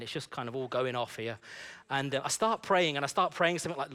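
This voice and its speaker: A man preaching a sermon in a church service, telling a personal story in an animated, conversational way. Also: fairly high pitch, fast talker.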